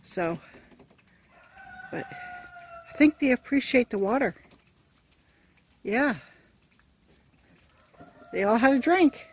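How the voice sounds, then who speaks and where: A woman homesteader talking casually outdoors at her barn, chatting about the water setup and cooing to her animals in a higher sing-song voice. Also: lively intonation, slow, long pauses, slightly rough. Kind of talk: casual farm vlog chat. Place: outdoors at a barn and livestock run.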